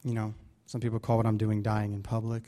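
A man's voice: fairly low pitch, monotone, a little fast, warm tone. A man leading a Bible study, preaching casually with many fillers and restarts. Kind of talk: casual sermon.

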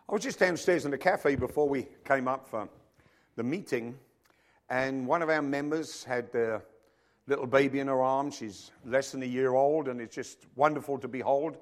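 A middle-aged male pastor preaching a sermon, reading scripture and telling jokey stories with loud acted quotes. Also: medium pitch, normal speed, long pauses. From rugby-playing country, emigrated to Africa.

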